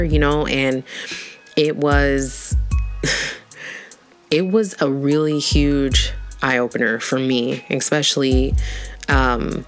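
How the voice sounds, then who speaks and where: A woman's voice: very deep voice, fairly even intonation, slow pace. Woman, candid personal vlog, frank and casual with easy laughs and swearing; faint background music. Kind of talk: candid personal talk to camera.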